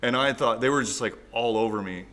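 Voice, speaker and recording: A man's voice: mid-range voice, brisk, fairly bright tone. A man from Canada telling stories in a casual chat, wry and laid-back. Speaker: expat podcast guest.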